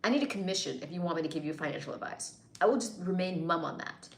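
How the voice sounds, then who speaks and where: A woman's voice: lowish voice, quick pace. Playful woman livestreaming in an echoey room. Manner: playful, teasing, bantering with commenters. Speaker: livestream host reading chat. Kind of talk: casual live chat.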